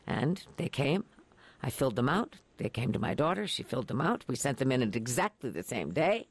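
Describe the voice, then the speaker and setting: A woman's voice: extremely low pitch, big pitch swings, fairly quick, husky, no echo. A woman, a radio interview guest, telling her stories in a dramatic, emphatic and emotional way. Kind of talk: expressive storytelling.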